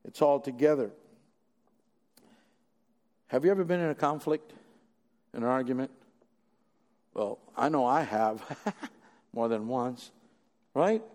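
A man preaching a sermon, animated, using rhetorical questions and building to emphatic peaks. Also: medium pitch, takes it slowly, long pauses. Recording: long echoey hall reverb.

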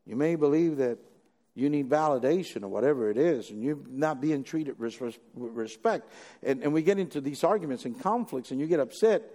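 A man preaching a sermon, animated, using rhetorical questions and building to emphatic peaks. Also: a little high, brisk. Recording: long echoey hall reverb.

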